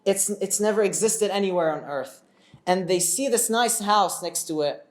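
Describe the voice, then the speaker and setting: Casual, animated male religious storyteller; chats with the audience as he goes. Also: high-pitched, normal speed. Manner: animated, chatty, asks the audience questions.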